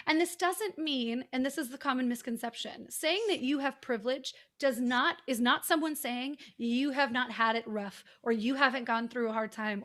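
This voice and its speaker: High-voiced woman podcast host. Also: fairly bright tone. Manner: explanatory, teacherly, talks in long flowing sentences. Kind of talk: casual conversational interview.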